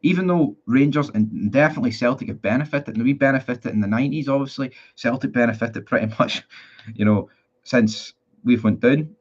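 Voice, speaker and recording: A man's voice: mid-range voice, a little fast, slightly rough. A man in his twenties with a Northern Irish accent, chatting casually on a live stream and reading out viewer comments in a blunt, rambling way with casual swearing. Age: 20s. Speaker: football fan streamer. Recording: dull lo-fi sound.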